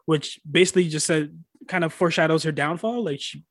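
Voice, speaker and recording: High-pitched guy chatting about comics, cusses a lot, dry close sound. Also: a little fast, no room sound. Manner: excitable, profane, acts out characters' reactions. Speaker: podcast co-host. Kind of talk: casual comic-book discussion.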